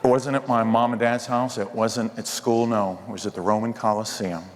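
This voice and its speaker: A man's voice: medium pitch, fairly even intonation, moderate pace. A man performing live stand-up comedy with playful crowd work at a hotel event. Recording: reverberant hall with crowd noise.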